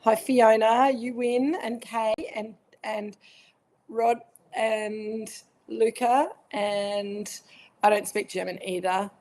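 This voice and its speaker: Her voice is fairly high, steady, slow, and darkish in tone as this Australian winemaker runs a live online wine tasting from her home. She keeps the live-stream chat casual, using plenty of fillers and welcoming viewers by name.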